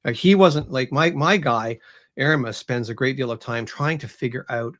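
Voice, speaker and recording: A man's voice: medium pitch, moderate pace, fairly bright tone. A male author as an interview guest, retelling scenes casually and animatedly with lots of "you know".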